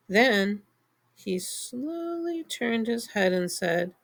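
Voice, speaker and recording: Slow, gravelly woman reading an audiobook. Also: medium pitch. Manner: measured storytelling, first person. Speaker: audiobook narrator. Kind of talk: scripted audiobook narration.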